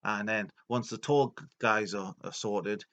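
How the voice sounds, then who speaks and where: A man retelling video game lore as a comedy, rambling and deadpan with many fillers. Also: on the low side, measured pace.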